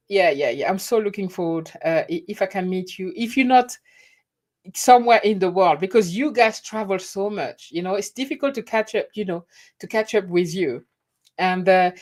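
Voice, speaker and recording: A woman's voice: mid-range voice, a little mellow. A middle-aged woman, chatting casually and laughing at herself on her live stream. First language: French. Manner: chatty, laughing, self-deprecating. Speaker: YouTube host.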